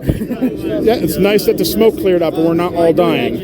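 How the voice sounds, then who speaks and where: Dry-humored man amid a loud crowd. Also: high-pitched, animated, a little slow. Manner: dry, joking. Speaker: fan club member. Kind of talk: street interview. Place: city street outdoors.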